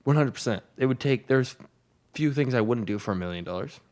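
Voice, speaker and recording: A young man co-hosting a podcast in casual banter, joking with deadpan asides. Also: medium pitch, a little fast. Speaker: podcast co-host.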